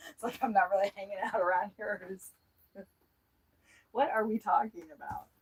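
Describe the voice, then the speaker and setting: Slow-talking woman chatting on a livestream. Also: mid-range voice, breathy edge. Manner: joking, laughs often. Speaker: livestream host. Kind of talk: casual livestream chat.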